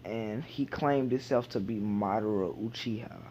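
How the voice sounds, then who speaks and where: A man's voice: fairly low pitch, normal speed, a little mellow, a little hiss or hum. A man casually retelling a fan fiction idea, rambling with many fillers and restarts. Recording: dull lo-fi home recording.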